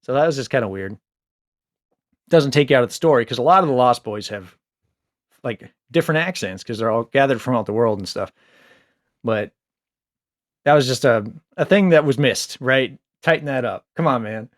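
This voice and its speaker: A man's voice: mid-range voice, moderate pace, pauses often, dry recording, studio quality. Rambling man reviewing a book. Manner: rambling, filler-heavy, animated asides. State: low on sleep. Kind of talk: casual book review vlog.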